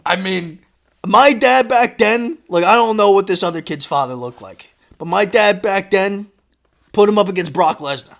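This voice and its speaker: Man, podcast co-host, fairly high voice, animated storytelling, lots of swearing. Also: moderate pace, vocal fry. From Florida, United States. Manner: animated, swearing, acts out quotes loudly. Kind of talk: casual storytelling chat.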